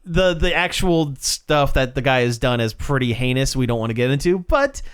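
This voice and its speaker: A man co-hosting a pop culture podcast in casual chat, relaxed and chatty. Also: mid-range voice, moderate pace, clean tone. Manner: relaxed, chatty, with frequent restarts. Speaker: podcast co-host.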